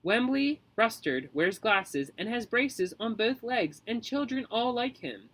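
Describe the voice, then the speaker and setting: A brisk, firm neighbor lady who won't stand for nonsense, as a male reader puts her on. She speaks in a raised, crisp voice with lively ups and downs. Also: high voice, pitched above the performer's own voice, full character voice.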